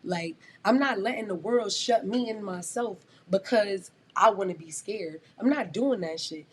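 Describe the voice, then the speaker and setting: A young woman in her twenties talks through a casual podcast chat. Her pitch sits in a middle range for a woman. She is blunt and emphatic and swears freely, over a faint hum of background noise. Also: unhurried. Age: 20s. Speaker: guest rapper.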